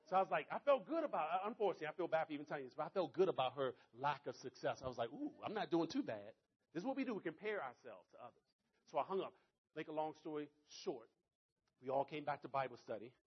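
A man giving a motivational speech to an audience, telling a story in an animated, conversational way. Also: fairly high pitch, husky, muffled recording. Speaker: motivational speaker.

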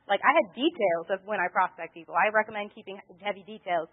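A woman giving a motivational sales training talk, animated and storytelling, acting out her own conversations. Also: medium pitch, fast, few pauses, husky, phone-quality sound. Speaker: network marketing trainer.

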